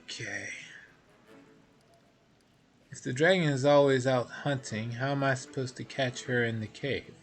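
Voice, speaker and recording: A man's voice: mid-range voice, fairly bright tone. A man streaming a video game, reading its text aloud with laughing asides.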